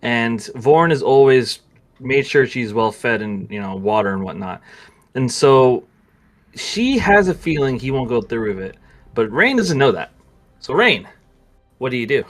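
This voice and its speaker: A man's voice: medium pitch, big pitch swings, unhurried. A man narrating a tabletop game as game master, explaining at length with hesitations.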